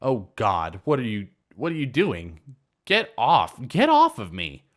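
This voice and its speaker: A man reading as a stern homeowner woman, exasperated, unhurried. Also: mid-range voice, huge pitch swings. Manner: firm, exasperated. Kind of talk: reddit story reading.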